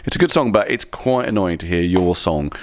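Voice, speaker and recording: A man's voice: deep voice, animated, fairly quick. A man guesting on a chat show, telling rambling, self-deprecating comic stories in a casual way. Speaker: comedian guest.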